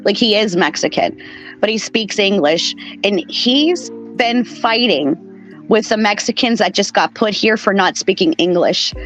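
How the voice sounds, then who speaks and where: A woman's voice: medium pitch, unhurried, faint music behind. A woman chatting as a podcast guest, rambling through stories full of "like" and swearing. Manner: rambling, profane storytelling with many "like"s. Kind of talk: casual chat.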